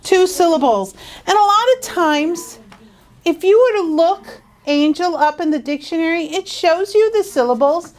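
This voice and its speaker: A woman teaching young students phonics in a school classroom, drawing words out slowly and asking coaxing questions. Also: very high voice, expressive, a little mellow. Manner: slow, drawn-out, coaxing questions.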